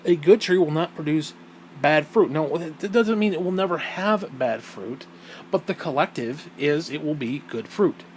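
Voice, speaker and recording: Hosting his own podcast, a man with a slightly high voice speaks at a moderate pace in a casual, profane monologue. Animated and blunt, he swears for emphasis and raises his voice when indignant, over a low-quality recording with a little hiss or hum.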